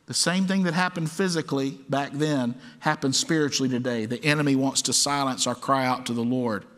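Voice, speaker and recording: A man's voice: mid-range voice, fairly even intonation, a little fast, fairly bright tone. A man delivers a sermon from the pulpit, his voice sitting in a middle range. He acts out quoted cries with dramatic force. The sound rings out with long reverb, as in a church hall. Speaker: pastor. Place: church sanctuary.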